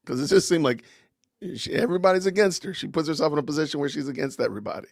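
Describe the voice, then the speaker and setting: A man's voice: on the high side, animated, fast, creaky, no echo, clean studio sound. A man hosting a casual livestream podcast, greeting viewers with slangy, upbeat phrases and introducing his guest. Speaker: podcast host.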